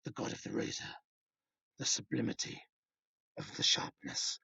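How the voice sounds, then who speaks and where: A hissing whispered demon god. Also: male voice, lowish voice, huge pitch swings, vocal fry, bright, forceful tone, husky, no echo, highs cut off, pitched below the performer's own voice, heavily acted. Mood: menacing. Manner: slow, menacing, theatrical. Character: sinister razor-fingered male demon god.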